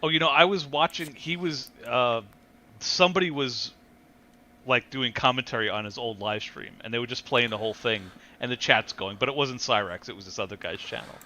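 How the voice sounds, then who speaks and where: A man's voice: mid-range voice, brisk, bright, forceful tone. A man hosting a casual podcast chat, joking and laughing often. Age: adult with a wife. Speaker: podcast host.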